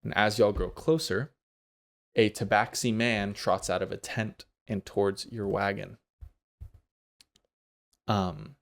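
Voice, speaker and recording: A man narrating a tabletop game as game master, relaxed and quick to laugh. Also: on the low side.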